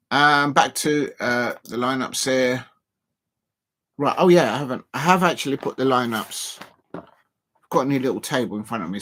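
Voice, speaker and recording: A man's voice: medium pitch, a bit bright. Chatty male football streamer, rambling. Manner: rambling, many ums and restarts, chatty asides to viewers. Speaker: football live stream host. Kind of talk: casual live-stream football chat. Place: home, seated at a table.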